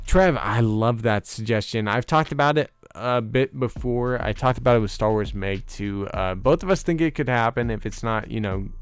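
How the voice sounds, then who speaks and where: A man hosting a casual livestream, chatting excitedly with viewers, often laughing and teasing them. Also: mid-range voice, normal speed, hardly any pauses, smooth, dry recording. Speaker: host of a fan channel livestream. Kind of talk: casual livestream chat reacting to viewer comments.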